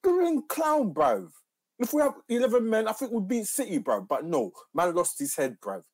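A man's voice: high-pitched, huge pitch swings, moderate pace, darkish tone, dry recording. A man with a London accent arguing about football, using slang and pressing the same questions. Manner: slangy, insistent, repeats questions. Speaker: football pundit. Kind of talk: heated football argument.

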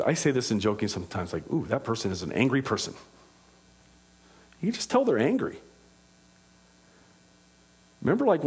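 A man preaching a sermon as pastor, with passionate delivery that rises to loud, emphatic peaks. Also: mid-range voice, slightly rough.

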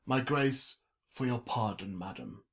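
Pompous archaic gentleman, as a man puts him on. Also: medium pitch, a little slow, close to an everyday voice. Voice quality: pompous, flowery. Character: pompous grandiloquent older man, archaic speech.

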